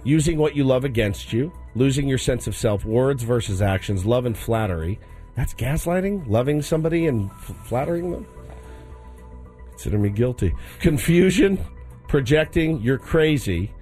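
A man's voice: medium pitch, animated, moderate pace, warm tone. A joking male co-host bantering on a radio show, his voice swinging up and down animatedly. He laughs easily and rattles off lists with playful asides. A faint music bed sits underneath. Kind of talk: casual banter.

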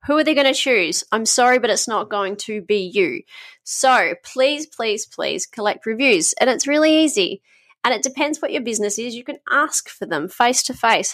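An Australian woman in her thirties hosts a solo podcast, chatting frankly, swearing freely and drifting off topic. Her slightly high, somewhat bright voice has lively intonation at a normal pace, recorded on a podcast mic in studio quality with no room sound.

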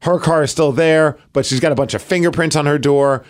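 A man in his thirties co-hosting a podcast, telling a story in lively casual chat and acting out quotes. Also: fairly high pitch, fairly quick. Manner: animated storytelling, acts out quotes. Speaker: podcast co-host.

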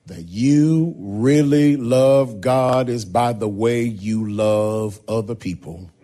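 A man preaching a sermon as pastor, drawing out key words slowly and building to loud, rising shouts. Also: lowish voice. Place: church sanctuary.

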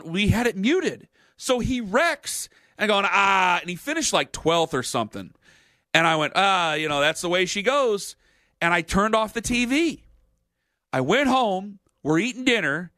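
A man hosting a sports radio show, telling a story in an animated, jokey way. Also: high-pitched, normal speed, no room sound, clean studio sound. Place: radio studio.

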